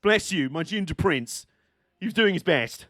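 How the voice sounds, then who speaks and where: A man streaming a live watch-along of a motor race, excitable and sweary, laughing often as he reacts. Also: sits high, normal speed, no echo, clean studio sound.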